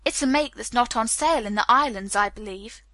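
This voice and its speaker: A calm but stubborn Englishman who keeps his answers short and guarded, as a woman reads him. The voice is bright and a bit high, close to the mic in a dry space. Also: brisk, no room sound. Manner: clipped, guarded refusals.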